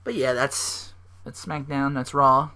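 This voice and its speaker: A man's voice: mid-range voice, slow pace, sharp tone. A young man hosting a solo podcast, rambling and swearing as he recaps wrestling shows and acts out lines. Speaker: podcast host.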